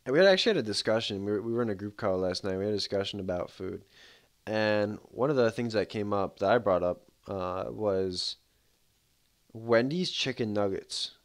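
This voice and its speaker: A man's voice: on the low side, moderate pace. A man streaming a game, chatting casually in a rambling, laid-back way full of fillers. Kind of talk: casual livestream commentary.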